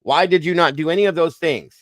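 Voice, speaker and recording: A man's voice: on the high side, brisk, no room sound. Blunt skeptical man, dry close sound. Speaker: panelist. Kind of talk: casual panel discussion.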